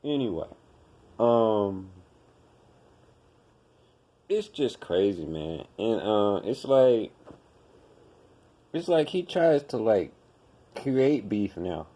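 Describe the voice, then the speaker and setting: A man's voice: fairly low pitch, very animated, very slow, pauses often, mellow. A man hosting a podcast, ranting in blunt, profane commentary and hammering his points with repetition. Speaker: podcast host.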